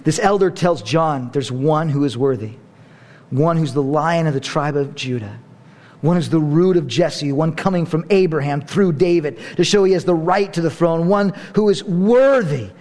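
A middle-aged man preaching a sermon, animated, swinging between hushed and loud, with playful asides. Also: fairly high pitch, moderate pace. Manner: playful asides and self-mocking humor. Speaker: pastor.

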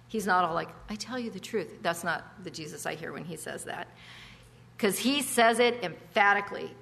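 A woman's voice: mid-range voice, bright, forceful tone, long reverb tail. A woman preaching a conversational sermon, emphatic, with chatty asides and rhetorical questions.

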